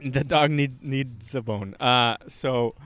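A man's voice: medium pitch, takes it slowly, a bit bright, no room sound. A young man telling a rambling, profane story in casual podcast chat, recorded outdoors in a park. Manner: rambling, swearing, laughing storyteller with many restarts. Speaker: podcast co-host.

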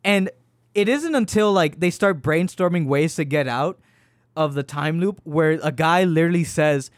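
A man's voice: on the high side, moderate pace, dry recording. A young man in casual chat, rambling and swearing as he retells a movie, often laughing mid-sentence. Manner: rambling, profane, laughs while telling. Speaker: podcast co-host reviewing a movie.

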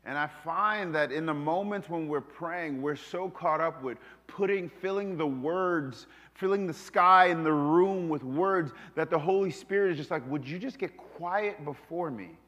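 A man delivers a sermon with a high-pitched voice, swinging from loud, emphatic calls to hushed, confiding asides. The sound carries the long reverb of a large hall. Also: measured pace, few pauses, muffled recording. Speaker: pastor.

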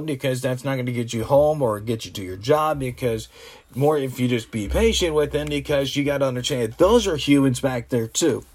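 A man giving casual rambling commentary to camera, opinionated and exasperated, full of restarts. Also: mid-range voice. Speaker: vlogger.

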